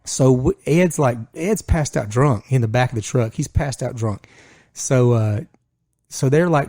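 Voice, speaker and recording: A man co-hosting a podcast, telling a long, animated story. His voice jumps up whenever he quotes himself. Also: medium pitch, normal speed, no echo, clean studio sound. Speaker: podcast co-host. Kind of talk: casual storytelling chat.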